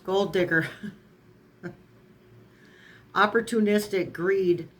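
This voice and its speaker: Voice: medium pitch, steady tone, takes it slowly, a bit bright, a little hiss or hum. A tarot reader in a casual online reading who strings card keywords together, stumbles and corrects words, and adds sarcastic asides.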